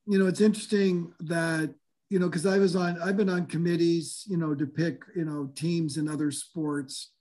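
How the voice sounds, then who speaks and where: A man with a noticeably high voice talks sports in a loose, rambling way. He keeps circling back with fillers and restarts, like casual chat among friends. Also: a little mellow. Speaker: sports analyst guest.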